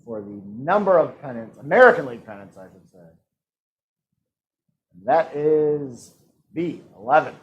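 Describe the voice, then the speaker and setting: A man's voice: medium pitch, lively intonation, normal speed, long pauses, highs cut off. A man hosting a live-streamed trivia game, reading questions and answer options in a playful, teasing way. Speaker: trivia host.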